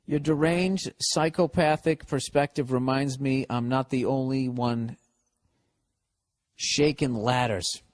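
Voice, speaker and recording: A man's voice: medium pitch, steady tone, slow pace, dry recording. A man with a Boston accent hosting a podcast, giving rambling, profane, sarcastic advice in a casual comedic monologue. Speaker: podcast host. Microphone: podcast studio mic.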